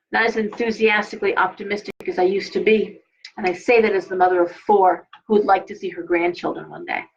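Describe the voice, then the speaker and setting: A tarot reader hosts a casual live stream, rambling, restarting sentences and dropping blunt asides. Her mid-range voice is husky. The sound is dull and lo-fi.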